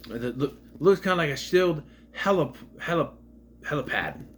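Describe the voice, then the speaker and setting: A man's voice: fairly high pitch, lively intonation, normal speed, slight background noise. A man talking through an episode in a loose, rambling, casual retrospective. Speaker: show reviewer.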